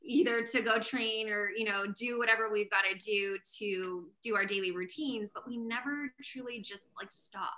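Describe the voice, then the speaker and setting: A woman's voice: medium pitch, moderate pace, hardly any pauses, pushed and bright. A woman hosting a podcast, talkative and passionate, speaking openly in a casual interview chat. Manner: passionate, outspoken. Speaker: podcast host.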